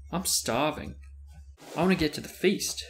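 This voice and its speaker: A man reading aloud, voicing a hot-tempered teenage boy wizard in a raised, excitable voice. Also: on the high side, normal speed, a little hiss or hum, voice pushed up, lightly acted. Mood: eager. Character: young male student wizard, hot-tempered.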